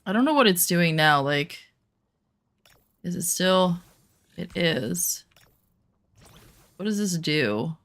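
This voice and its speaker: A woman's voice: lowish voice, lively intonation, slow, long pauses, a bit bright. A woman chatting casually to her viewers while streaming a survival game, rambling with lots of fillers. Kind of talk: casual gaming stream chat.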